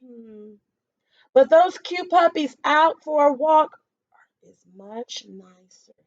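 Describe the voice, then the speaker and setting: A woman voicing a gentle, sad little mother hen in a storybook, sighing and humming to herself. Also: high voice, takes it slowly, no room sound, muffled recording. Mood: glum, sighing.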